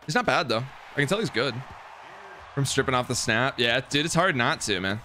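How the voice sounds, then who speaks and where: Young man streaming, bright excitable voice. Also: mid-range voice, a little fast, slight background noise. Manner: excitable, yelling in frustration, chatting with stream viewers. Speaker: gaming streamer. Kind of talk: live game commentary while playing.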